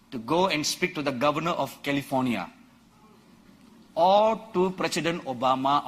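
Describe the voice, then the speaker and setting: A man preaching a sermon to a conference crowd, quoting scripture dramatically and rising to emphatic shouts. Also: a little high, slightly rough. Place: large conference hall.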